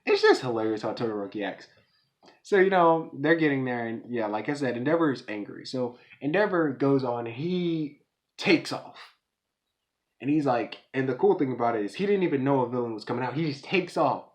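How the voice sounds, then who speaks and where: A man reviews an episode in a loose, excitable way. He talks in slang and keeps jumping into quick voices for the characters. His voice sits at an ordinary middle pitch for a man. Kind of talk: casual video review.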